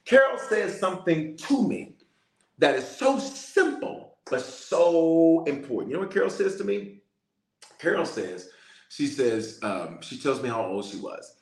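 A male bishop preaching in a lively storytelling way and calling out to his listeners. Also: on the high side, a little slow, roomy sound. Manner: storytelling, animated, calls out to listeners. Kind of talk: sermon-style prayer message.

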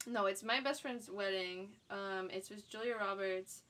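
A woman's voice: mid-range voice, fairly even intonation, measured pace, a bit bright. A woman co-hosting a podcast, chatting about movies and admitting which films made her cry. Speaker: podcast co-host. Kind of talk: casual chat about movies.

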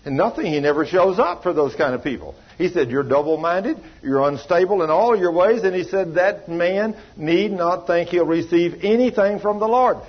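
A man's voice: high voice, moderate pace, hardly any pauses, highs cut off. A man preaching a sermon, telling a story and acting out the voices of the people in it, in a folksy, down-home way. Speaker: pastor.

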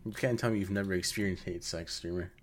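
A man's voice: low-pitched, fast, crowd noise. Blunt man bantering on a podcast. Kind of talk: casual chat.

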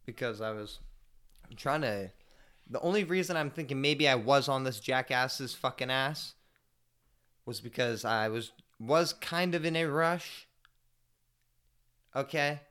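A man hosting his own podcast in casual solo chat, rambling and profane as he tells stories, laid-back, with mumbled asides and sudden loud bursts. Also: mid-range voice, a little slow, long pauses, clear, resonant tone. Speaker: podcast host.

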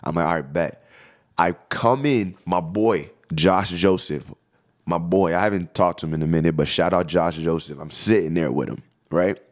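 A young man co-hosting a podcast, telling a high school story in a casual, profane, animated way. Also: moderate pace. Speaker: podcast co-host.

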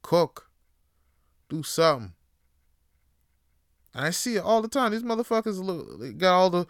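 A man's voice: sits high, big pitch swings, moderate pace, long pauses, no echo, clean studio sound. Profane, rambling man on a podcast. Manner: profane, rambling, laughs often. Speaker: podcast host. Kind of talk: casual opinion monologue.

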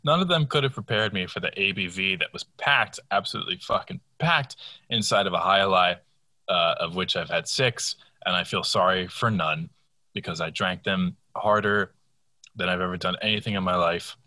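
Low, bright, dry-sounding young dude, buzzed and cussing on a podcast. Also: male voice, moderate pace, dry recording. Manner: rambling, profane, mock-outraged. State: tipsy. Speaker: podcast co-host. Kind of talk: casual drunk podcast banter.

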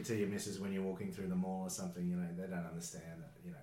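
A man's voice: low-pitched, flat delivery, racing, hardly any pauses, a crowd in the background. A young Australian man, a former bouncer, chatting casually as a podcast guest, rambling, laughing and swearing freely. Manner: laid-back, rambling, swears, laughs often. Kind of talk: casual chat. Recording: roomy echoey room, faint ambience.

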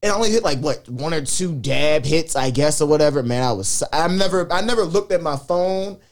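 A young man in his twenties, co-hosting a podcast and telling animated, profane stories. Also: fairly high pitch, brisk. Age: 20s. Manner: animated, profane storytelling with loud quoted outbursts. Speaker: podcast co-host. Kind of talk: casual storytelling chat.

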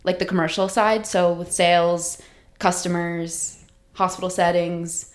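A woman's voice: fairly low pitch, level tone, measured pace. A woman in her twenties, a podcast guest chatting casually, easygoing and giggly with lots of fillers. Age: 20s.

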